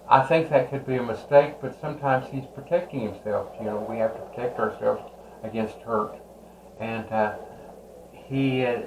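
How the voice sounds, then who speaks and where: Male tarot reader, mid-pitched, rambling and halting delivery, recorded in an echoey room. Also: a little hiss or hum. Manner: slow, rambling, with many "uh" pauses. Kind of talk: unhurried tarot card reading.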